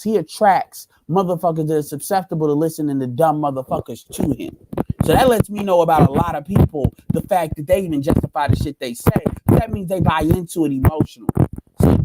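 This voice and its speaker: Brief: man, slightly high voice, blunt and profane streamer, faint hiss behind. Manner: blunt, profane, repeats himself. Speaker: livestream host. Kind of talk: casual livestream talk.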